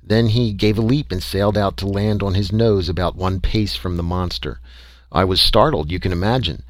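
A man narrating a first-person story aloud in a measured, conversational way. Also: low-pitched, no room sound. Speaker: audiobook reader.

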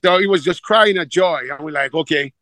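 A man's voice: fairly high pitch, fairly quick, no echo, rough recording. A middle-aged man from Jamaica with a Jamaican accent, a football coach telling stories in a casual interview and acting out the voices of the people he quotes. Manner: animated storyteller, acts out quoted dialogue.

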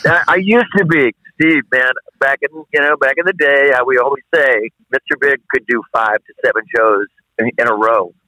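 A man's voice: mid-range voice, moderate pace, bright, forceful tone, no room sound. A man, a guest rock singer, rambling loosely and laughing easily while on speakerphone in a car. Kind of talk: casual interview by phone. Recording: phone line from a car.

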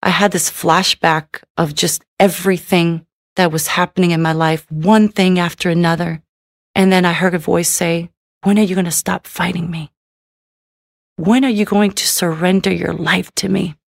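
A woman's voice: fairly low pitch, steady tone, normal speed, vocal fry, no room sound, clean studio sound. A woman giving a personal faith testimony, speaking in a candid, earnest way and often adding "you know".

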